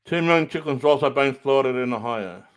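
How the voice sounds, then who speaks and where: A man's voice: medium pitch, a little fast. A man casually rambling as he hosts a stream, repeating himself while he looks for the next clip. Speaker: streamer reacting to clips.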